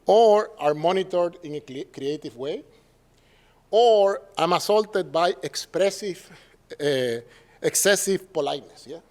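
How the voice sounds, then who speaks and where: Puerto Rican man lecturing with a lively voice. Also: sits high, a little slow. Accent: Puerto Rican Spanish. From Puerto Rico. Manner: lively and conversational, tag questions, acts out quoted dialogue. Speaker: professor giving a symposium talk. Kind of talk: academic lecture.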